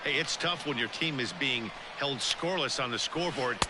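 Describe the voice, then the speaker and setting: A man as a measured baseball color analyst. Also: medium pitch, background noise, close to an everyday voice. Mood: analytical. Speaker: color commentator.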